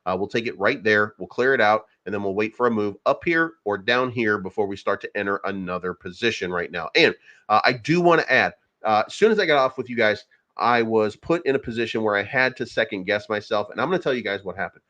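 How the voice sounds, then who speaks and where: A man's voice: lowish voice, fast, sharp tone, lo-fi sound. A man hosting a casual crypto livestream, rambling and profane, with many fillers and restarts. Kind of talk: casual livestream market commentary.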